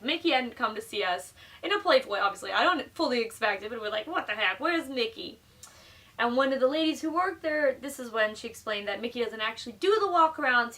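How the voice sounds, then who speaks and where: Bright, high-voiced chatty woman. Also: far from the mic. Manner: chatty and animated, heavy use of "like", laughing often. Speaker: vlogger telling a story. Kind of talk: casual storytime narration.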